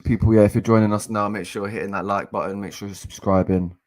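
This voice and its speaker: A young man giving casual live match commentary as a fan co-host, excitable and exasperated, with frequent restarts. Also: fairly low pitch, fast. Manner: excitable and exasperated, swears, repeats and restarts phrases.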